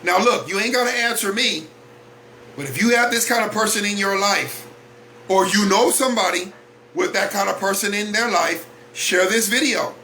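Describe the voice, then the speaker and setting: Male host, high bright voice, blunt motivational monologue that keeps pressing the same questions. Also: normal speed, a little hiss or hum. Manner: blunt, preachy, repeats rhetorical questions. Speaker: host of a weekly talk broadcast.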